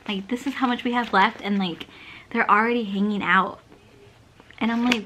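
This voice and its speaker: Young woman, casual book vlog, rambling, says "like" a lot, medium pitch, faint background noise. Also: fairly even intonation, moderate pace, pauses often, bright, forceful tone. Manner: chatty, rambling, fills speech with "like". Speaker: book vlogger. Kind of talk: casual reading vlog chat.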